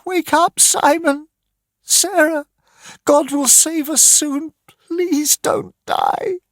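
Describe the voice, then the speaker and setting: A shrill, frantic mother begging and screaming for her children, her voice pitched far up and straining, as a man reading aloud puts her on. It sounds dry and close, like a storybook recording. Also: fairly even intonation, very slow, fairly bright tone, dry recording, heavily acted. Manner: pleading, screaming, sobbing prayer. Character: desperate woman, a frantic mother.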